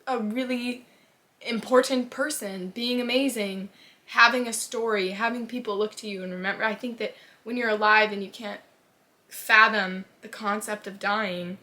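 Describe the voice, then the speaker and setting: Young woman, book vlogger, casual chat, emotional, gushing, bright tone. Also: mid-range voice, fairly even intonation, normal speed. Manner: gushing, emotional, swears casually, trails off and restarts.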